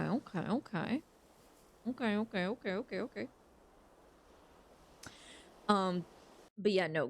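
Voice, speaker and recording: A woman's voice: on the low side, a little hiss or hum. A young woman streamer chatting casually while she plays a game, rambling frankly and swearing freely. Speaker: gaming streamer.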